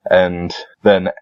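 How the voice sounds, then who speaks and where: A man narrating as dungeon master, relaxed and unhurried, with frequent fillers. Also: low-pitched, smooth, dry recording. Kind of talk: narrating a tabletop game. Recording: dull lo-fi sound.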